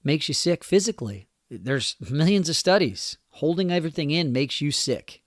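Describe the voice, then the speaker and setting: This personal motivational podcast monologue comes from a middle-aged host who is also a youth coach. His fairly high voice is animated and moderately paced as he talks sincerely about growth and communication, returning to key phrases. It's studio quality, with no room sound.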